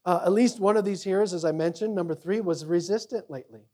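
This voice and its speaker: A male pastor preaching a sermon, acting out quoted voices and swinging between loud emphasis and quiet asides. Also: high voice, fast talker.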